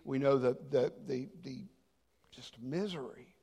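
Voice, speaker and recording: A man preaching a sermon as pastor, swinging from loud emphatic lines to hushed, near-whispered ones. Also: medium pitch, a little slow, gravelly, slightly rough, big-room sound.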